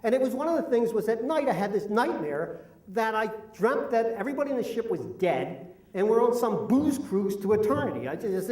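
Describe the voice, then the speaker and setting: A man's voice: high voice, darkish tone. A middle-aged man telling a self-deprecating, complaining comic story at a live story slam. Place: live event venue. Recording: roomy hall, mic at a distance.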